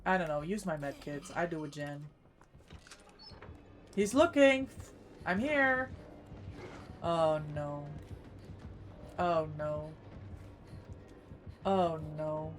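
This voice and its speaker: A woman's voice: low-pitched, expressive, very slow, pauses often, soft background music. A woman streaming a game, commenting on her play to herself with panicky outbursts. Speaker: streamer and competitive player. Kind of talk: live gameplay commentary.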